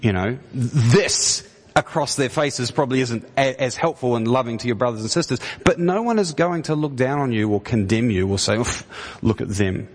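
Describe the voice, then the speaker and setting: A man's voice: mid-range voice, animated, moderate pace. A man preaching a conversational sermon in a church, often restarting his words and rising into emphatic questions. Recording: long hall reverb.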